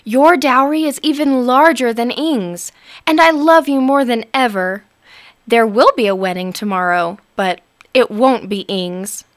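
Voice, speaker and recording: Woman voicing a lovestruck young troll guy, gushing, higher voice, storybook. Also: unhurried, dry recording, studio quality, close to an everyday voice. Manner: gushing, eager. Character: adoring young male troll suitor.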